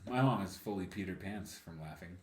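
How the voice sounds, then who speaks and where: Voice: sits low, a little fast. Young speaker laughing through a story, roomy echo. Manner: lively, breaks into laughter mid-story. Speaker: podcast co-host. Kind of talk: casual storytelling chat. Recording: echoey room with faint noise.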